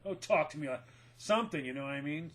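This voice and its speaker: A man's voice: on the high side, animated, fast. A middle-aged man co-hosting a casual chat, telling stories with a joking manner and frequent laughter. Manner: joking storyteller, laughs often. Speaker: podcast co-host.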